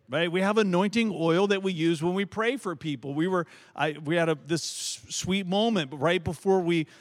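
A man's voice: high voice, a bit bright. A middle-aged man from Virginia with a Southern accent, preaching a folksy storytelling sermon as pastor, restarting and repeating words as he goes. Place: church sanctuary. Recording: long reverb of a large church hall.

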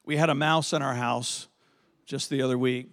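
A middle-aged male pastor telling a story in a sermon, animated and conversational, often asking his audience "right?". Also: mid-range voice, moderate pace. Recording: long hall reverb.

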